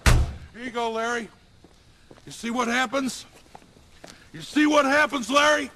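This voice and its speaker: A man's voice: extremely high pitch, measured pace. An actor playing an enraged man who rants over and over while smashing a car, heard in a film clip. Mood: furious. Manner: repeating himself in a furious rant. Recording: film clip under loud crashing noise.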